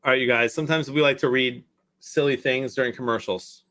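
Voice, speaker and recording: A man co-hosts a casual live sports stream, staying easygoing and laughing as he reads things out. His mid-range voice is fairly bright and fairly even in intonation, and he talks a little fast.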